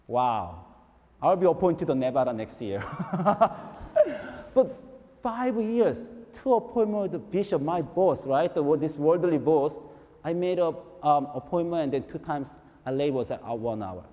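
In a big, echoing hall with long reverb, a high-voiced male pastor preaches at a measured pace. The sermon is built on animated, repetitive storytelling, and he keeps tossing in a rhetorical "right?".

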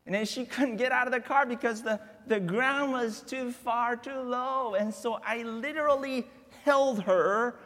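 High-voiced male preacher in echoey church. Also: a little slow, hardly any pauses, fairly bright tone. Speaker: guest preacher. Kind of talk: sermon. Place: church sanctuary.

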